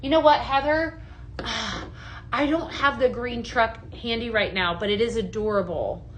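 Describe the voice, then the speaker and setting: A woman's voice: fairly high pitch, a little slow, slight background noise. A woman consultant hosting a live product show, gushing and chatty, with lots of "just saying" and "right?". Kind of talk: upbeat live sales chat, reading viewer comments.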